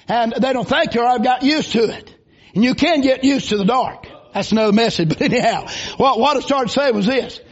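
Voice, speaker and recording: A man preaches a revival sermon in a church, folksy and given to shouted bursts. His voice sits very high. The recording is dull and lo-fi. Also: slightly rough. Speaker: visiting preacher.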